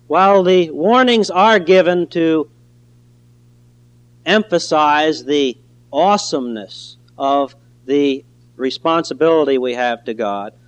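Earnest male preacher, slightly high voice. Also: dull audio. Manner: earnest, emphatic, slows down on key phrases. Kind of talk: sermon.

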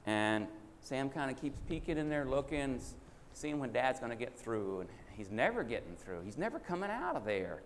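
A man preaching in a folksy storytelling style, at an ordinary middle pitch. His voice rings with a long hall reverb, and a faint hiss sits under it. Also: very animated, moderate pace, few pauses. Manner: folksy, acts out child and father voices in a story. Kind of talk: sermon storytelling.

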